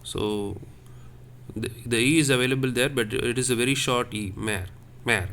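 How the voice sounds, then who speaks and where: A man's voice: medium pitch, fairly even intonation, normal speed, fairly bright tone, a little hiss or hum. A man teaching a lesson on French accents, explaining patiently and repeating each point step by step.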